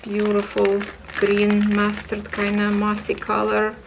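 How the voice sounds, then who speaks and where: Slow-talking enthusiastic woman crafter. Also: mid-range voice, completely flat delivery, creaky, background noise. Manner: slow, enthusiastic, talks to viewers as friends. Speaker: craft channel host. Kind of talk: casual unboxing review.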